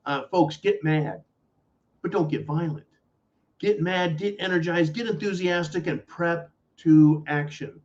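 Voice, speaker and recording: Blunt, profane talk host, lo-fi. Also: male voice, fairly high pitch, unhurried, darkish tone. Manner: blunt, profane, angry and mocking. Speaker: podcast host. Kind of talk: political commentary rant. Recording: dull lo-fi audio.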